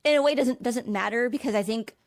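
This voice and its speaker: A woman's voice: on the high side, fairly quick, no echo, studio quality. A woman hosting an interview, talking in a rambling, casual way with lots of filler words. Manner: rambling, many fillers like 'like'. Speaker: podcast host.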